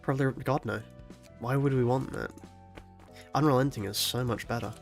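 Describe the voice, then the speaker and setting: A man with a head cold and a stuffy nose, talking quietly and casually through his gameplay as a streamer. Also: steady tone, moderate pace, soft background music. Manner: soft, low-volume talk with sighs and small laughs. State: head cold, congested, speaking softly. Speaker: game streamer.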